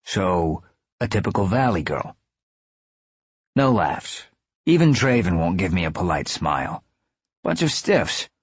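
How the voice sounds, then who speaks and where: A man's voice: low voice, lively intonation, measured pace, long pauses, husky, dry recording. A man narrating an audiobook in the first person with a dry, sardonic delivery.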